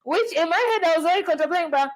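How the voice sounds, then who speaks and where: Woman from Tanzania, podcast host, high voice, animated chat, repeats her starts, laughs a lot. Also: rapid-fire, low-quality recording.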